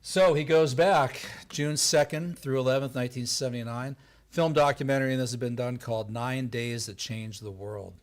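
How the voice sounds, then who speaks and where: A man giving a lively storytelling talk on history before an audience, acting out the voices of the people he quotes. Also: mid-range voice, moderate pace. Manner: animated, acts out quoted voices. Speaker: lecturer. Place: event hall before an audience.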